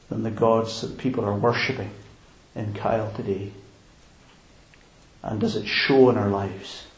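A man preaching a sermon as a pastor, emphatic and deliberate with long pauses. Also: mid-range voice, darkish tone. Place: church. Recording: roomy church hall.

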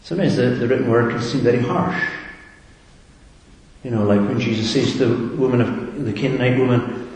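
A man's voice: mid-range voice, normal speed, darkish tone. A man preaching a sermon in a reflective way, often asking his listeners questions. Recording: echoey hall with long reverb, faint noise.

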